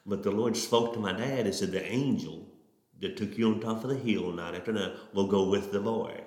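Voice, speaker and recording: A middle-aged man tells his testimony as a preacher. His voice sits on the low side and he speaks in a folksy, earnest way, stumbling over his starts. The sound carries a roomy echo. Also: darkish tone. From Oklahoma. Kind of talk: testimony storytelling.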